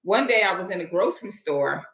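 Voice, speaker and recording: A woman's voice: fairly low pitch, lively intonation, fairly quick, fairly bright tone. A woman in her forties, a hairstylist hosting a live stream, telling a story in a chatty, digressive way and greeting viewers along the way. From Florida. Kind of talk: casual storytelling to a live audience. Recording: echoey room.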